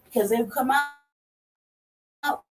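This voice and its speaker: A woman co-hosting a talk show, telling a profane story in a lively way and acting out her own reactions. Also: high-pitched, unhurried. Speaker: podcast co-host. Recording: distant mic with faint noise.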